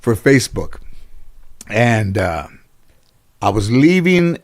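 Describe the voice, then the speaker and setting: Man, interview guest, casual anecdotes, rambling, lots of fillers and restarts, lively storyteller. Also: fairly low pitch, slow pace. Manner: rambling, many restarts and "you know" fillers; lively storyteller who acts out other people's lines.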